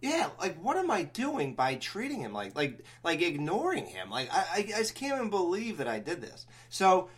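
Higher-voiced man rambling through a story. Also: normal speed, hardly any pauses, breathy edge. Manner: rambling, animated storyteller with many restarts. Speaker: podcast host. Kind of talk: casual podcast chat.

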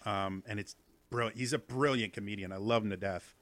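A man with a Midwestern American accent, a podcast guest who explains accents eagerly and in quick bursts. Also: on the low side, fairly even intonation, fairly bright tone, no echo. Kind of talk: casual podcast chat.

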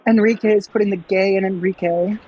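A woman's voice: mid-range voice, fairly even intonation, brisk, warm tone, muffled recording. A woman with a mid-range voice riffing dryly on a prank call, wry and mock-prim. A faint hiss runs under her voice. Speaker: co-host, prank caller.

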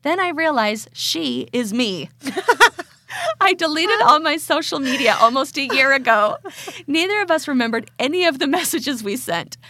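A woman with a slightly high, very lively voice and a gravelly edge, reading a story to her co-host with frequent laughter. The recording is close and dry. Her delivery is chatty and animated. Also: moderate pace, dry recording. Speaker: podcast co-host. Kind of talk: casual chat, reading a story aloud.

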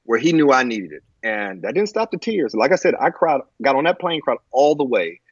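Husky-voiced man, lively pitch. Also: dry recording. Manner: halting, with many fillers and restarts. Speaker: guest. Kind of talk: emotional personal storytelling. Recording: muffled lo-fi audio.

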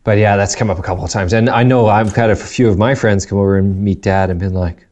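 A man's voice: lowish voice, steady tone, fast, a little mellow. A man co-hosting a podcast in casual chat over a video call, teasing, giggling and swearing playfully. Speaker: podcast co-host. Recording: dull lo-fi video call audio.

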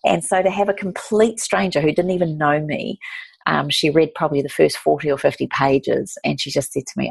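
Woman, forties, low voice, gravelly, author, chatty warm storytelling, dry close sound. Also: a little fast, no echo. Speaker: author and guest. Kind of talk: casual conversational storytelling.

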